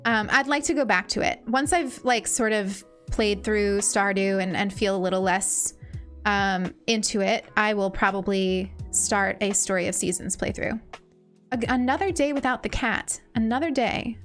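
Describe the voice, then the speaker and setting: A young woman streaming a cozy game, chatting gently and warmly greeting viewers, often saying things twice. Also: medium pitch, normal speed. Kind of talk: cozy casual chat while gaming. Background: faint game music.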